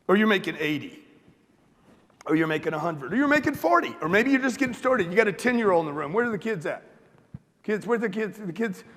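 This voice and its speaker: A man with a raised, gravelly voice works a live audience with blunt, profane motivational talk. He fires questions at the crowd, and a long reverb trails every line, the sound of a big event hall. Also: high-pitched, a bit bright. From United States. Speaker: motivational speaker.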